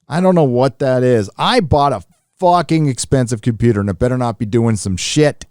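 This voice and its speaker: Casual, profane live stream host. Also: male voice, mid-range voice, normal speed, a little mellow, no room sound, studio quality. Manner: loose and profane, with many fillers and restarts. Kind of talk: casual live stream chat reading viewer messages.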